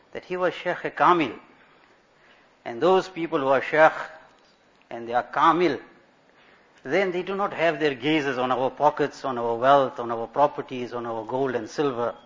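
A man's voice: medium pitch, a bit bright. A man giving a religious sermon as an Islamic scholar, telling stories and asking rhetorical questions. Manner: storytelling, rhetorical questions, Arabic religious terms. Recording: dull lo-fi recording.

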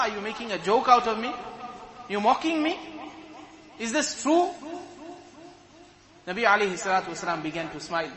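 A man preaching a sermon to a congregation, telling the story vividly. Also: high-pitched. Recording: echoey hall with crowd behind.

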